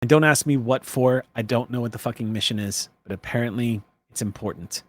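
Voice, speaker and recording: Man voicing a gruff, swearing camp boss woman. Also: medium pitch, a little fast, natural voice. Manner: blunt and swearing.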